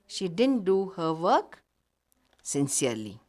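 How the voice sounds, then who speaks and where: A woman's voice: lowish voice, sing-song, takes it slowly, a little mellow. A woman teaching a recorded grammar lesson, patiently explaining with many examples. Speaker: English teacher.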